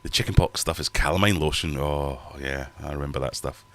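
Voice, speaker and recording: A man's voice: a bass voice, fairly quick, sharp tone. A middle-aged man hosting a casual livestream from his home fish room, chatting to viewers and reading their comments in a rambling, self-mocking way. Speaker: livestream host.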